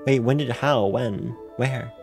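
Male streamer, offhand and rambling, unhurried delivery. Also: medium pitch, vocal fry, a little mellow, faint music behind. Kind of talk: casual chat.

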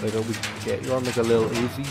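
Excitable, cursing man narrating a horror game. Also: medium pitch, very fast, vocal fry, noisy background. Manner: excitable, swearing, yelping in fright. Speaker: gaming YouTuber. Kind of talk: let's play commentary. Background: game music.

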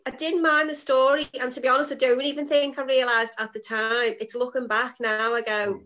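A woman's voice: high-pitched, level tone, brisk, sharp tone, highs cut off. A woman, an actress guest talking hesitantly with many restarts. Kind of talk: casual interview chat.

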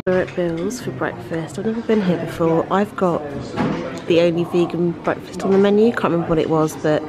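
Walking outdoors through a bustling city, this travel vlogger speaks fairly quickly in a fairly low voice, bubbly and chatty toward her handheld camera. She laughs a lot during the casual vlog, and street noise sits behind her.

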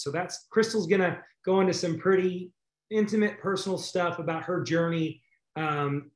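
Thankful host guy rambling on an echoey video call, kinda high voice. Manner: warm, grateful, rambling with restarts. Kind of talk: casual hosting and announcements.

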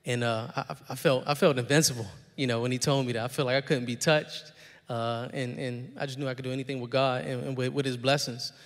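A man's voice: mid-range voice, fairly even intonation, brisk. A man, a father, speaking candidly on a church panel about his own father, reflective and full of restarts and fillers. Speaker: panel guest. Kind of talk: personal testimony in a panel. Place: church sanctuary. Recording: long hall reverb.

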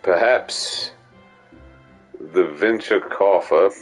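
A man doing a pompous stilted gentleman. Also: low voice, soft background music, voice pushed down, full character voice. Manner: mock-grand, drawn-out, overly formal.

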